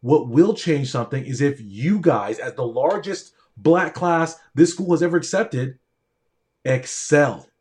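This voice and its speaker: A man's voice: on the high side, lively intonation, measured pace, a little mellow. Earnest storytelling man, emphatic. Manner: earnest, emphatic, repeats phrases for stress. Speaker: doctor. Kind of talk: candid storytelling monologue.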